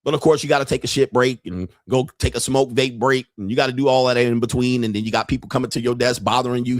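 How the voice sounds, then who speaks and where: A man's voice: medium pitch, steady tone, quick pace, no room sound. Brash ranting man, very dry sound. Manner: brash, ranting, laughs often, mimics people. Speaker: podcast host. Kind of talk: profane livestream monologue.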